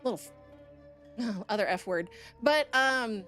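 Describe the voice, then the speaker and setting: A woman's voice: a little high, lively intonation, measured pace, pauses often, fairly bright tone, soft background music. A woman streamer telling a story to her chat in a blunt, profane, heated way.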